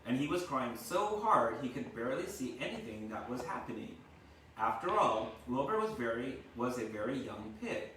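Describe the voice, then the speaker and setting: A man's voice: medium pitch, very animated, moderate pace, bright, forceful tone. A male teacher reads a storybook aloud to his class from his kitchen, breaking off in a chatty way to explain words and asking "right?" as he goes. The room rings with echo and the mic sits far from him. A faint hum of background noise runs underneath. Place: home kitchen.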